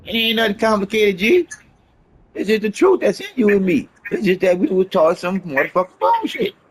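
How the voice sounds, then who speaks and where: A man's voice: high voice, big pitch swings, normal speed, breathy edge. A man delivering a rambling, emphatic motivational monologue in casual street slang, repeating his points and swearing often. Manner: emphatic, profane, repetitive preaching.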